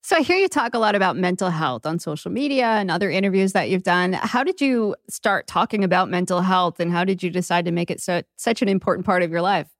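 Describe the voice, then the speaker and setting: Brief: lower-voiced woman host, quick and direct, dry close sound. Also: no room sound. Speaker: podcast host. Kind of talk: interview questions.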